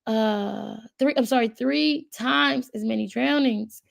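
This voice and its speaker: Her voice is on the high side and creaky, and she speaks slowly with no echo. She hosts a casual channel video, musing aloud as she browses sites and reads pages to her audience, with plenty of fillers.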